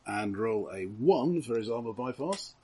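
A man running a tabletop game as game master, halting and full of restarts. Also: mid-range voice, lively intonation, darkish tone, slightly rough. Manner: hesitant, many restarts and fillers.

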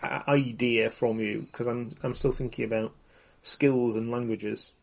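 A man with a gravelly, husky voice chats at a tabletop game. He offers suggestions loosely, padding them with "um" and "whatever". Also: mid-range voice, fairly even intonation, measured pace. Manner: chatty, suggesting ideas with many fillers. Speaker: player. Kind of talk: casual tabletop chat.

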